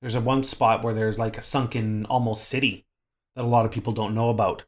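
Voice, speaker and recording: A man co-hosting a casual gaming podcast, rambling and filling pauses with "um" and "like.". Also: fairly low pitch, level tone. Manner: chatty, rambling with many fillers. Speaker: podcast co-host.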